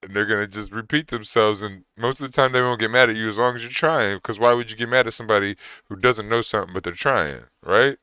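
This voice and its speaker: A man with a very deep voice whose words mush together, rambling through casual reaction commentary and acting out little exchanges. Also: fast, hardly any pauses, sharp tone, clear, resonant tone, no room sound, clean studio sound. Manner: rambling, conversational, acts out quoted exchanges.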